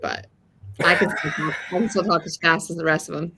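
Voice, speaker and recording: Low-voiced chatty woman co-host. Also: steady tone, a little fast, gravelly, noisy background. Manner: friendly, chatty, greets viewers. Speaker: co-host of a sewing livestream. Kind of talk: casual livestream chat.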